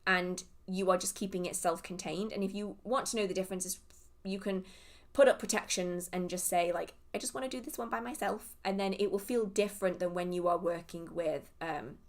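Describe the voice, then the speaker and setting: A woman's voice: lowish voice, fairly even intonation, normal speed. Chatty English woman answering questions. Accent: southern English. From England. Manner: chatty, rambling, goes off on tangents. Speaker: witchcraft Q&A livestream host. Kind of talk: casual livestream chat answering viewer questions.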